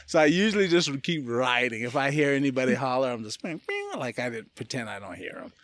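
A man from California, a podcast guest, telling a personal story in a loose, animated way and often laughing as he talks. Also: mid-range voice, dry recording. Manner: animated, acts out other people's lines in quick voices. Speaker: podcast guest, martial arts gym owner. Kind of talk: casual storytelling.

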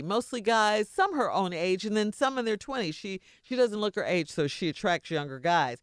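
A woman's voice: mid-range voice, expressive, normal speed, few pauses, clear, resonant tone, no room sound, studio quality. A woman hosting a morning radio comedy show, reading a listener letter and laughing often with her co-hosts.

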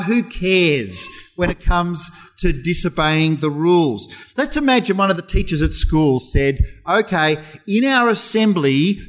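Man, middle-aged, high voice, children's talk, animated storytelling. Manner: animated storytelling, imitates sounds. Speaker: preacher giving a children's talk. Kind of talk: children's talk in a church service.

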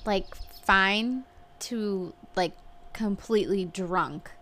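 A woman's voice: mid-range voice, very slow, a bit bright. A woman in her thirties, a podcast co-host, chatting casually and telling a story with lots of "like", acting out what people said and swearing now and then. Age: 30s. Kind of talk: casual chat.

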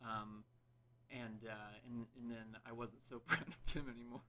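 A man's voice: medium pitch, fairly even intonation, normal speed, bright, forceful tone. A man guesting on a casual podcast as a local comedian, talking in an easygoing way from a couch at home and laughing along.

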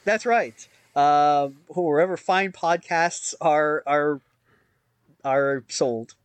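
A man with a fairly high voice, chatting as a podcast co-host. He rambles, mocks himself and keeps restarting his sentences. The sound is dry and close to the mic. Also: extremely slow, smooth, no room sound. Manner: rambling, self-mocking, lots of fillers and restarts. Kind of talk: casual chat.

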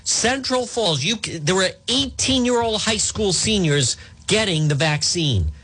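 Animated, husky talk radio host. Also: male voice, sits high, measured pace. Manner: combative, animated, frequent asides and restarts. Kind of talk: opinionated talk radio monologue.

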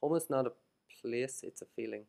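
An Irish man hosts a casual podcast in a lively, animated way. His voice sits at an ordinary middle pitch, and he reads passages aloud with emphasis. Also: brisk, vocal fry. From Ireland. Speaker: podcast host.

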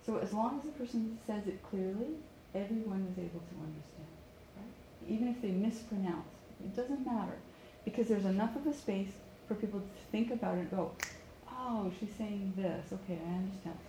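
Pronunciation coach, woman from Canada, mellow voice, drills stressed words in a roomy space with faint hiss. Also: mid-range voice, a little fast. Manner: stresses words and repeats phrases for students to echo. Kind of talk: live online pronunciation lesson.

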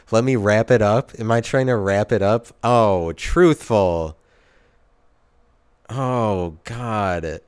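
Low, smooth-voiced rambling man. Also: no echo. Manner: self-interrupting, sardonic, restarts sentences. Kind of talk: rambling solo monologue.

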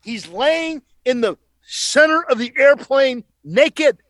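A man's voice: very high voice, expressive, takes it slowly, a bit bright, no room sound. A middle-aged male preacher telling a dramatic testimony on a talk show, emphatic and repeating phrases for effect.

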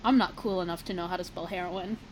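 A woman's voice: on the low side, steady tone, fast talker, slight background noise, rough recording. A woman co-hosting a comedy podcast, reading a story aloud, spelling out misspelled words and breaking into laughter. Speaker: co-host reading fan fiction aloud.

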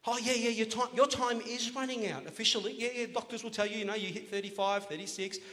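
Energetic pastor, joking then booming. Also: male voice, fast. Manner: playful, joking, rising to loud emphatic exhortation. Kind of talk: sermon. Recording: long church hall reverb.

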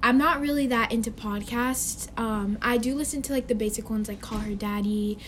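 A woman's voice: fairly high pitch, moderate pace, a little hiss or hum. A teenage girl co-hosting a podcast, bubbly and chatty, scattering "like" through her speech. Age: teens. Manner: bubbly, chatty, many "like" fillers. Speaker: podcast co-host. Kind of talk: casual chat.

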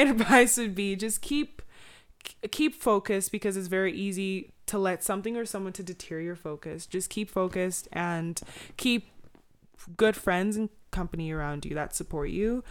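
A young woman in her late teens, a podcast guest in casual chat, rambling and halting with many restarts. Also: medium pitch, smooth. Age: young adult.

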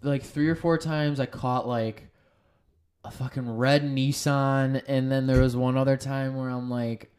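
A young man co-hosting a casual chat, animated and profane, laughing often as he talks. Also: medium pitch, measured pace, clear, resonant tone.

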